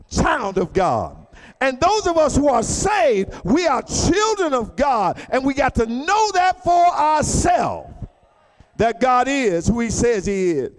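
A fervent male pastor with a high voice that swings widely from quiet to loud peaks. He preaches colloquially, repeats key phrases and calls on the congregation to answer back. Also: long reverb tail. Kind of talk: sermon.

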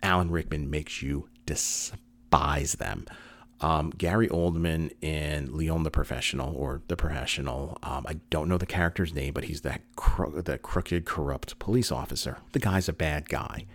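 A man with an extremely deep voice reviews a show in a casual, rambling way. He doubles back on words, leans on fillers, and slips into quoted lines of dialogue as he talks. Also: steady tone, moderate pace, a bit bright. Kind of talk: casual spoken commentary.

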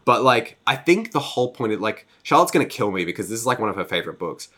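Low, bright-voiced man rambling through a recap. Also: very animated, quick pace. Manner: rambling, profane book recap full of fillers; breaks into mock voices for characters. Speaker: podcast co-host. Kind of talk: casual podcast chat.

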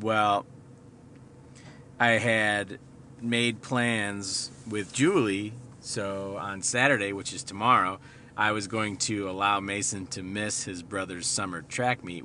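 A man's voice: on the low side, normal speed, sharp tone. A man hosting a podcast alone, talking in a rambling, profane, self-deprecating way. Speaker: podcast host. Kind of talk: casual solo podcast monologue. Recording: noisy recording with traffic sounds.

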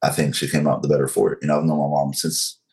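A man in his forties from North Carolina with a Southern accent, telling his story as an interview guest in a slow, controlled, frank way. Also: rumbling low, completely flat delivery, a little mellow, rough recording.

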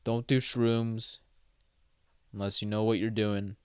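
A man's voice: on the low side, flat delivery, slow pace, smooth, dry recording, clean studio sound. A man hosting a solo podcast, rambling casually with swearing and self-corrections, having just woken up. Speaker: podcast host.

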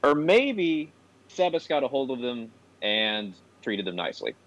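A man's voice: mid-range voice, big pitch swings, a little slow, a bit bright, dull audio. Rambling man recapping an anime episode. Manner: rambling, full of "um" and "like". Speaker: podcast host recapping an episode. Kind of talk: casual chat.

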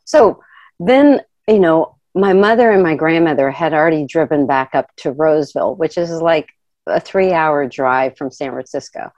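A middle-aged woman telling a personal story in a lively way, laughing often and acting out the voices of the people in it. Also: deep voice, moderate pace, no echo. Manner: animated, laughs often, acts out quoted voices.

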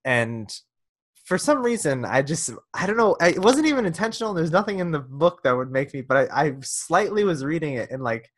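A man's voice: on the high side, big pitch swings, fairly quick. A man chatting casually as a podcast host, telling rambling, self-deprecating stories. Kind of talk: casual comedic chat.

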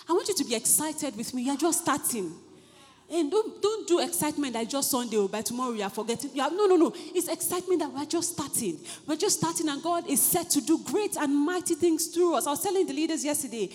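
A woman pastor preaching a sermon fervently, building to shouted repeated phrases. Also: high voice, long reverb tail. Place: church hall.

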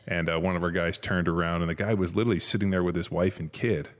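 A man's voice: low-pitched, fairly even intonation, fast, in a large hall. A man and former pro football player telling rambling, profane stories in a casual chat, full of fillers. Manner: rambling storyteller, swears, many fillers.

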